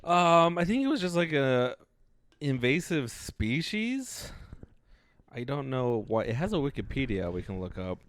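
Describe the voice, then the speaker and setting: A man's voice: mid-range voice, big pitch swings, a little slow, no echo, clean studio sound. A young man co-hosting a comedy podcast, laid-back and teasing, chuckling as he tells a story in casual chat. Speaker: podcast co-host.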